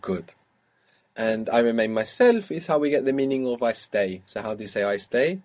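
A man's voice: medium pitch, expressive, moderate pace, a little mellow. Patient male language teacher. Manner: patient, prompting questions and praising answers. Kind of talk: guided audio language lesson.

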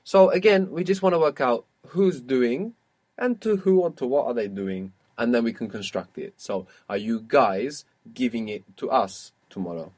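A man's voice: medium pitch, normal speed, a little mellow. A man teaching an audio language lesson, patiently prompting his student step by step.

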